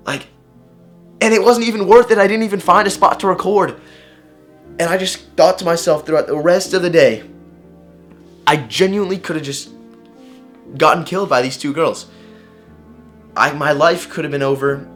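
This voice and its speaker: A young man vlogger telling a personal story to camera in a casual, animated way, swearing and using slang. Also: fairly high pitch, moderate pace, long pauses, faint music behind.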